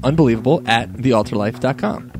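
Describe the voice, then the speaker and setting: A man's voice: mid-range voice, quick pace, soft background music. A man co-hosting a Christian radio podcast, talking in a laid-back, rambling way and laughing often. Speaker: co-host. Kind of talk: casual podcast chat.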